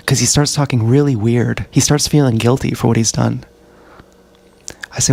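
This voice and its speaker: A man's voice: medium pitch, fairly even intonation, slow pace, gravelly, long pauses, a little mellow, slightly rough. A man livestreaming from an action camera, telling a tangled personal story in a profane, rambling way and often correcting himself. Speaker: live streamer.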